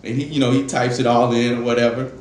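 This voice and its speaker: A man's voice: medium pitch, little pitch movement, fast. A young man telling a loose, profane stand-up story at an open mic in a jazz club. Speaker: stand-up comedian. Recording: roomy club with faint ambience.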